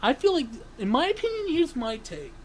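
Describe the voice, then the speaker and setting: A sports vlogger ranting angrily, swearing and breaking into sudden yells, then apologizing for them. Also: sits high, huge pitch swings, brisk, a little hiss or hum, low-quality recording. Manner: ranting, swearing, bursts into yelling; self-interrupting, apologizes for yelling. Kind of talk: angry sports rant.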